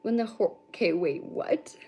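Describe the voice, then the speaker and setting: A woman's voice: medium pitch, moderate pace, mellow, husky. A young adult woman from Canada hosting a casual livestream, rambling to her viewers, swearing freely and laughing often. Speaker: livestream host and spiritual reader.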